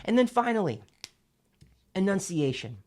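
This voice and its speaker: A man teaching public speaking in an instructional video, emphatic and clearly enunciated, demonstrating exercises as he explains them. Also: high-pitched, very animated, normal speed, warm tone.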